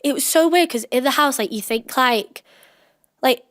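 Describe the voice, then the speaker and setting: A woman's voice: sits high, normal speed. A young woman, telling stories as a podcast guest in a chatty, giggly way, acting out quoted lines and filling her talk with "like". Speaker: podcast guest, former reality show contestant. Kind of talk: casual storytelling chat.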